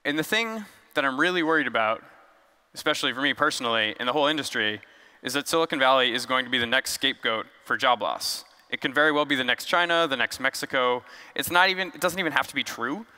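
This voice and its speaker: A man's voice: mid-range voice, fast, sharp tone, smooth, big-room sound. A man giving a casual, joking conference talk on stage, loose and conversational with fillers. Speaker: conference speaker. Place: large conference hall.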